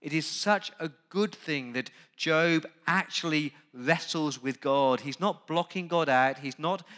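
A man preaching a sermon. He talks straight to the congregation and moves from quiet, conversational asides to loud, urgent emphasis. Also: a little high, measured pace. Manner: conversational, asks the congregation direct questions. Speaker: pastor.

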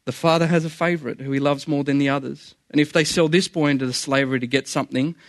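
A man's voice: on the high side, fairly even intonation, fast talker, no echo, clean studio sound. A man preaching a sermon in an earnest, conversational way, often repeating phrases for emphasis.

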